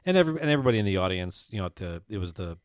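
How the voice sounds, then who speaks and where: A man co-hosting a podcast, chatting casually and stumbling through excited restarts as he tells a story. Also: low voice, very fast, dry recording, clean studio sound. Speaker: podcast co-host. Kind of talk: casual chat.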